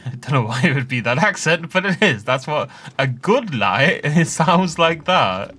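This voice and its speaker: A man's voice: mid-range voice, sing-song, normal speed, pushed and bright, slightly rough. A man casually commentating on his gameplay, chatty and rambling, laughing often. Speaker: let's play host.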